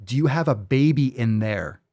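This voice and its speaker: A man's voice: mid-range voice, expressive, moderate pace, mellow. A man hosting a fitness show, ranting with sarcastic, profane disbelief in live-stream commentary. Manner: sarcastic, profane, incredulous rants.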